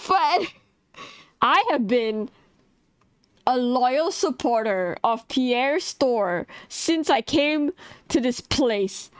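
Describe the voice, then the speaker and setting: A woman's voice: high-pitched, smooth, no room sound. A woman casually telling a heated story about a farming game, swearing, laughing and restarting often. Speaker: gamer vlogger.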